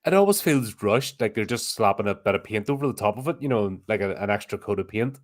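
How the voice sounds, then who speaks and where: Lower-voiced man with dry wit. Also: lively intonation, fast. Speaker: podcast co-host. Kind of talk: casual film discussion.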